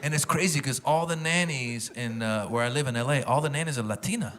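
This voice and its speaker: A middle-aged man from Iran doing loose, chatty stand-up comedy with quick impressions, with a loud laughing crowd behind him. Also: mid-range voice, very noisy.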